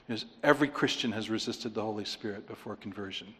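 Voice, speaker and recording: A man's voice: fairly low pitch, brisk, fairly bright tone, big-room sound. A man preaching a sermon, counting off his points one by one and pressing them home with rhetorical questions. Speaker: pastor.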